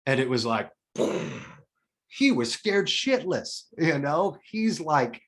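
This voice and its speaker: A man's voice: a little high, big pitch swings, slow pace, fairly bright tone. A man in his forties, a podcast guest telling a personal story in a candid, emotional way, with casual swearing and restarts. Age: 40s.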